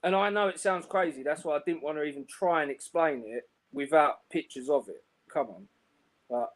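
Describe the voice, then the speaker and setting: Casting: London guy as chat guest, higher pitch, relaxed and slangy. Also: moderate pace. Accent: London English. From England. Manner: laid-back, earnest, slang-heavy. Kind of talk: casual chat.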